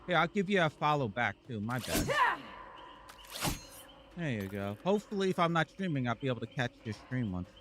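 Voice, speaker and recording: A man's voice: medium pitch, sing-song, fairly quick, pauses often, background noise. A man streaming a game live, rambling and joking to his chat with frequent laughs. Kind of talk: live gameplay commentary.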